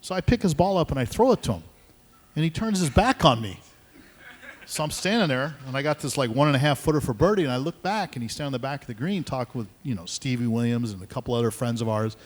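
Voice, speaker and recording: A man's voice: medium pitch, fast talker. Older man telling stories, echoey hall. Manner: animated, acts out dialogue in voices. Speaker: guest speaker, pro golfer. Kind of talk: storytelling on stage. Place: event hall at a conference. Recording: reverberant hall.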